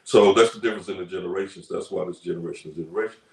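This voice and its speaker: Low-voiced older man in echoey room. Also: steady tone, racing, vocal fry, far from the mic, slight background noise. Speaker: podcast co-host. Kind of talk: casual podcast chat.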